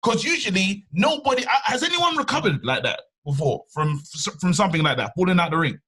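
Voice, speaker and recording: A male co-host puts excited questions to his guest. His voice is husky and pitched high. It swings widely as he talks. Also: brisk. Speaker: podcast co-host. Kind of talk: casual interview.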